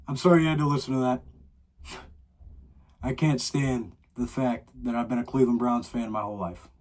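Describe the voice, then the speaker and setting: A man's voice: mid-range voice, steady tone, moderate pace, pauses often, a little mellow. A teenage boy from Ohio hosting his own podcast, ranting with dramatic, exasperated complaints. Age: teens. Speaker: podcast host. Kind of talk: solo podcast rant.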